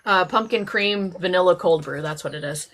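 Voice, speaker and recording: A woman's voice: lowish voice, normal speed, fairly bright tone. A woman hosting a casual live stream chat, rambling with many fillers and restarts.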